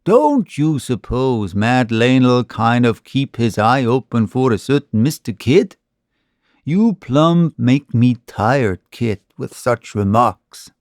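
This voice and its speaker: A man's voice: medium pitch, expressive, slow, darkish tone, no room sound, studio quality. A man voicing a blunt, folksy outlaw sidekick who scolds his partner. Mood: scolding.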